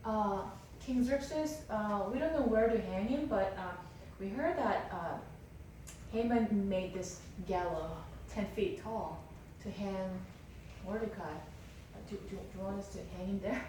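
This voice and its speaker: A woman's voice: medium pitch, a little slow, darkish tone, a little hiss or hum, lightly acted. A woman lecturer voicing a hesitant male palace servant who stammers out a suggestion. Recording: roomy lecture hall, distant mic.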